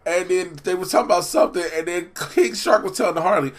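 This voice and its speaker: A man co-hosting a casual comedic review, retelling scenes excitedly, laughing as he talks and using lots of slang. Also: high-pitched, quick pace. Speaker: co-host reviewing a cartoon episode.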